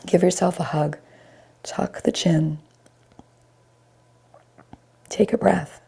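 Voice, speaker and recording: A middle-aged woman leads a chair yoga class over a video call, cueing breath and movement in a calm, steady way. Her voice sits low and has a gravelly, slightly scratchy edge. She calls out students by name as she guides them. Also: a little slow. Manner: calm guiding cues, names students as she goes. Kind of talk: live online yoga class instruction.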